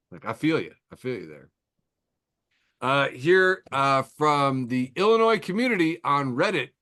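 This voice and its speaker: A man hosts a casual podcast, reading posts aloud and tossing off wry, chuckling asides. His delivery is loose and conversational, at a medium pitch for a man. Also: a bit bright. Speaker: podcast host.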